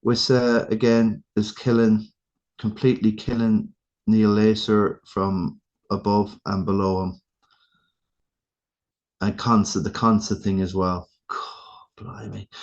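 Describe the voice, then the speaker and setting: A man's voice: on the low side, a little mellow. An Irish man hosting a casual fantasy football review, rambling and ranting in exasperated asides. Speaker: fantasy football league host. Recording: dull lo-fi sound.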